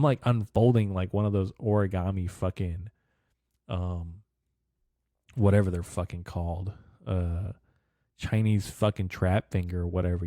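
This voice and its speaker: A man's voice: low voice, mellow, no echo, studio quality. A man in his twenties hosting a podcast, rambling casually in a profane, bro-speak manner. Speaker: podcast host.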